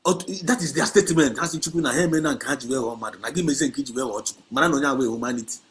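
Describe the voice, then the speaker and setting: Rapid-fire and mid-range, the voice belongs to an activist livestream host with a Nigerian Igbo accent. He moves between Igbo and English as he exhorts and scolds, emphatic and highly repetitive.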